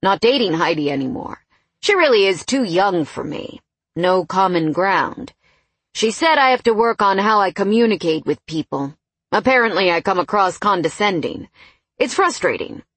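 A woman voicing a cocky, condescending male coworker who teases and smirks, in a storybook read with a husky voice. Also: sits high, lively intonation, normal speed, a bit bright, no echo, exaggerated voice. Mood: frank, flirty. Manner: teasing, know-it-all.

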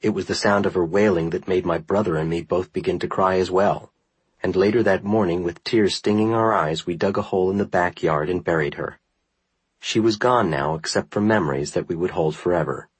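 A man narrating a first-person memoir in a measured, earnest reading style. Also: deep voice, breathy edge, dry recording, rough recording. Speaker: audiobook narrator.

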